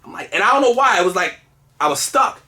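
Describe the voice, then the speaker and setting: A man's voice: high voice, sing-song, quick pace, sharp tone. A man telling a personal story in casual, earnest conversation, with lots of fillers and restarts. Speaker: guest telling his story.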